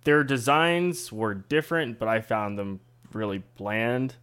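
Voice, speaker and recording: A man co-hosting a podcast, giving measured, thoughtful opinions in casual chat, with some hesitations. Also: mid-range voice, fairly bright tone, smooth. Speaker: podcast co-host.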